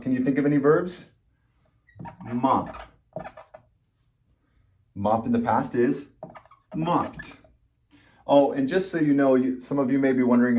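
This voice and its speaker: A man teaching English pronunciation, speaking slowly and patiently, repeating words and spelling out letters. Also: medium pitch, a little mellow. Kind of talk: slow, deliberate pronunciation lesson.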